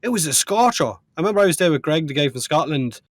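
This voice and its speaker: This Irishman co-hosts a casual podcast with friends, telling stories, cracking jokes and tossing in quick asides. His voice is a little high and animated, captured in a dry, clean studio recording.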